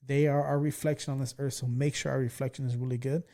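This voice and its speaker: A man in his forties from California, hosting a podcast and telling stories in a loose, profane, excitable way. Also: mid-range voice, fast. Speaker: podcast host. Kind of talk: casual storytelling chat.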